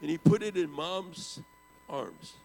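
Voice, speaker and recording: A man in his seventies tells a story from the pulpit in a gravelly voice. He rises to loud bursts and sinks to hushed low tones, and a long hall echo trails each phrase. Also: lively intonation, slow pace. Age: 70s. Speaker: preacher. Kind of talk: storytelling sermon.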